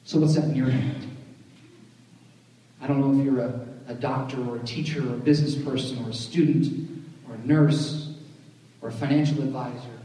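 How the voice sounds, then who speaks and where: Joking pastor in an echoey hall. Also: male voice, medium pitch, steady tone, normal speed, long pauses, mellow, recorded from a distance. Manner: joking, conversational, often asks "right?". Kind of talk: sermon.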